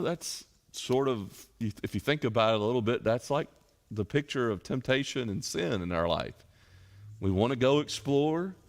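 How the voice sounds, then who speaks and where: Folksy middle-aged preacher in a reverberant hall. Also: male voice, medium pitch. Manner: folksy storytelling with illustrations. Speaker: pastor leading a Bible study. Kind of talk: conversational sermon.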